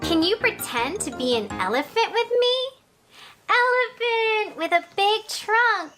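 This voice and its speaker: A woman teaching toddlers in a very high, bright voice that leaps all over its range. She talks extremely slowly and clearly, with exaggerated, playful delivery and cheerful animal noises. Every line is aimed straight at a small child. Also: very animated, faint music behind. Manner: encouraging, speaks to the viewer directly. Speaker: children's educator host. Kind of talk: slow sing-song toddler teaching.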